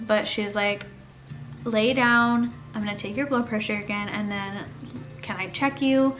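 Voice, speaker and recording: A young woman casually telling her own birth story, chatty and animated, acting out what others said. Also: medium pitch. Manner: chatty, animated, acts out quoted speech.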